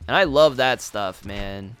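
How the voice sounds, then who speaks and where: A man's voice: mid-range voice, a little slow, fairly bright tone, soft background music. Rambling young man on game commentary. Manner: rambling and meandering. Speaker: let's play host. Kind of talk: casual gameplay commentary.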